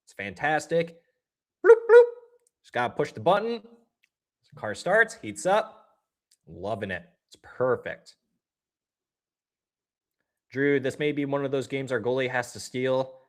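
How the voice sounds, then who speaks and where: A man's voice: medium pitch, normal speed, long pauses. A man hosting a livestream, giving casual play-by-play reactions and talking straight to his chat viewers in a chatty, upbeat way. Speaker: livestream host. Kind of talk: casual live game watch-along commentary.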